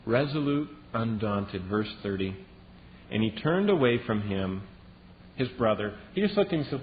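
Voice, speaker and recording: A man preaching a sermon as a Bible teacher, telling the story in a lively way and acting out the lines he quotes. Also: on the low side, moderate pace. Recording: dull lo-fi recording with long reverb and faint hiss.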